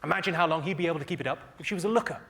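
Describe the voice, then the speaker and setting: A man with a posh southern English accent doing stand-up one-liners in a clipped, deadpan delivery, recorded live at a comedy show. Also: a little high, very fast. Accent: English, southern received pronunciation. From England, home counties. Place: live comedy venue with audience. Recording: live show recording with loud audience laughter.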